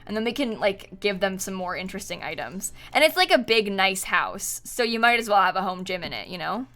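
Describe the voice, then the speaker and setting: Young woman game streamer, bright chatty voice, giggly, soft music under her. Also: mid-range voice, animated, a little fast. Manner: chatty and giggly, reading out chat thanks. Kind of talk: casual live-stream chat while gaming. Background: faint music.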